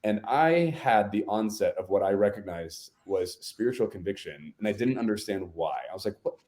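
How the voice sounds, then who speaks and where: Podcast guest, male, lowish voice, earnest storyteller, conversational, leans on fillers. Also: animated, moderate pace, darkish tone.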